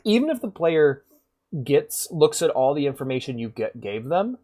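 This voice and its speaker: Animated, swearing male game streamer. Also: fairly high pitch, normal speed. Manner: animated, rambling and profane, acts out game characters. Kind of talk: casual gaming commentary.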